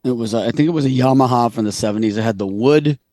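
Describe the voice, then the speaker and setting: A man's voice: medium pitch, fast talker, darkish tone, no room sound, studio quality. A man co-hosting a casual movie podcast, telling stories in a rambling way with many restarts. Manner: rambling, full of restarts and fillers. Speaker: podcast co-host. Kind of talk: casual chat.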